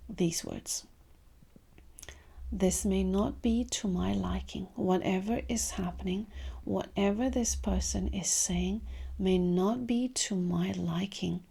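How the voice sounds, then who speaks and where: Gentle spiritual teacher, woman, warm husky voice, trails into whispers. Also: mid-range voice. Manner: soft, slow, trailing into whispers. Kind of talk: gentle spiritual guidance talk.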